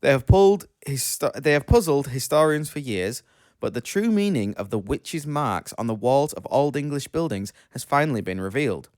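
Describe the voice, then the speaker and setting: A man sits close to a dry, dead-sounding mic and reads out odd news stories. His delivery is matter-of-fact and unhurried, with the occasional stumble over a word. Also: medium pitch, animated, a little mellow, no room sound. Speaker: podcast co-host. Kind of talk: casual chat and news reading.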